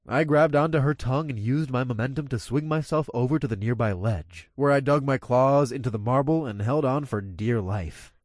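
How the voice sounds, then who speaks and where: A man's voice: mid-range voice, dry recording, clean studio sound. A man reading a first-person action story aloud in a casual, profane manner. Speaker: narrator.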